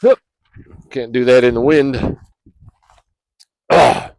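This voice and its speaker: A man telling a personal story in a rambling, casual way, clearing his throat often, recorded outdoors by a fire. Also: medium pitch, takes it slowly, a little mellow. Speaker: vlogger.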